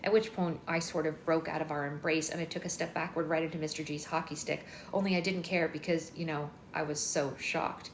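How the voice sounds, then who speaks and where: Lady reading a teen novel out loud on a live stream, lowish voice, echoey room with a little hiss. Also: level tone, a little fast, few pauses. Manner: chatty first-person narration. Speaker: book club host reading aloud. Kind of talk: reading a novel aloud on a livestream. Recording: echoey room with faint noise.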